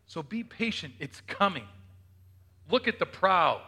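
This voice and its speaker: Bright-voiced male pastor preaching. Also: high voice, big pitch swings, a little slow, slightly rough. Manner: conversational, asks the congregation questions. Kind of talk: sermon.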